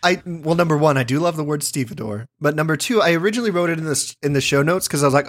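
Playful male co-host, casual delivery, a little high-pitched. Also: racing. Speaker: podcast co-host. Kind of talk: casual chat.

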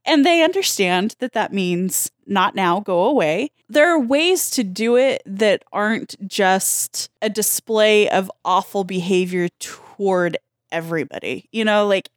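A woman's voice: medium pitch, no room sound, studio quality. A woman co-hosting a casual podcast, reacting with indignation while recapping a cartoon. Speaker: podcast co-host.

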